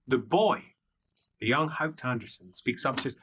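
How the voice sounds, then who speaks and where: A man's voice: medium pitch, breathy edge. A man narrating an improvised tabletop role-play game as game master, often slipping into character voices. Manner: slow, lively narration, switching into character voices.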